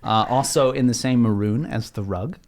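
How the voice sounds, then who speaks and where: A man's voice: mid-range voice, moderate pace, noisy background. A man running a tabletop game as game master, narrating scenes in a laid-back, descriptive way between laughs.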